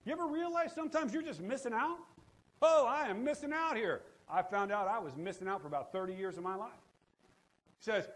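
Middle-aged male pastor, high voice, lively call-and-response preacher. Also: a little fast. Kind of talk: sermon.

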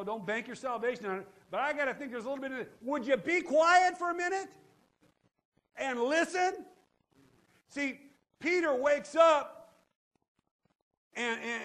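High-voiced preaching man. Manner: preaching with call-and-response, lively storytelling. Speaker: pastor. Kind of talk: sermon.

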